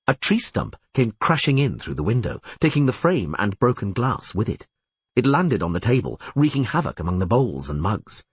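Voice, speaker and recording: A man reading an audiobook in expressive narration. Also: lowish voice, normal speed, breathy edge, no room sound. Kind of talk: scripted narration.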